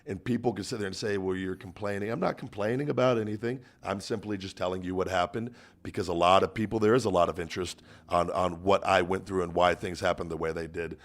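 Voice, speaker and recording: A man hosting a casual podcast, talking earnestly with many halting restarts. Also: low voice, steady tone. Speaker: podcast host.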